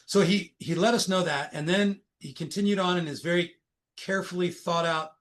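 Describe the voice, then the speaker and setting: A man's voice: high-pitched, normal speed. A middle-aged man, a recruiter, retelling a workplace story as a guest in a conversational interview. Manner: animated, anecdotal retelling.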